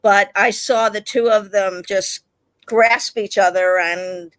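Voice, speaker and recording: A woman who directs plays, chatting in an interview and speaking in an unhurried, reflective way. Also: medium pitch, steady tone, fairly bright tone, no room sound. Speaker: stage director. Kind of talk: casual interview chat.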